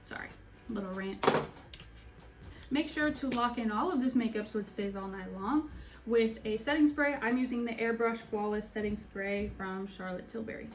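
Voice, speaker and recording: A woman's voice: a little high, moderate pace, a little hiss or hum. A young woman narrating a makeup tutorial in a casual, sassy way, with joking asides. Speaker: beauty vlogger.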